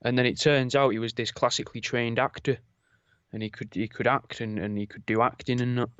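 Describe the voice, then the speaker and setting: Smooth-voiced man, casual podcast chat. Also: mid-range voice, little pitch movement, fairly quick, fairly bright tone, no room sound, dull audio. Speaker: podcast co-host.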